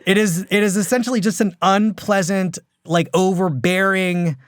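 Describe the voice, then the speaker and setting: A man hosting a podcast, in casual conversation with his guest, expressive and playful with quick asides. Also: sits high, clear, resonant tone, dry recording, clean studio sound. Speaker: podcast host, critic.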